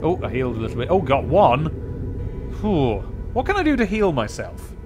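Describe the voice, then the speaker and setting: Male let's-player, lively swooping voice, muttering asides, soft game music under. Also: on the high side, moderate pace. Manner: chatty, self-mocking, muttering to himself. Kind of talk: casual game commentary and reading aloud.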